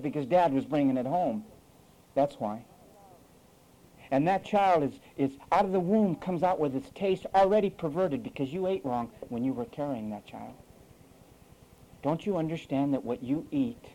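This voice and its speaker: A man's voice: a little high, dark tone, rough recording. A male preacher delivering an emphatic sermon full of rhetorical questions.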